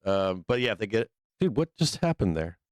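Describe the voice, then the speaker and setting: A man hosting a live trading stream, chatting casually in a profane, rambling, excitable way. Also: fairly low pitch, normal speed, dry recording. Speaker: livestream trading show host. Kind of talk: casual livestream chat.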